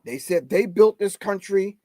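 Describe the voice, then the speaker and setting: A man's voice: high-pitched, animated, unhurried, mellow, no room sound. A middle-aged man hosting a live stream, giving emphatic, preachy commentary and calling his audience family. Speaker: host.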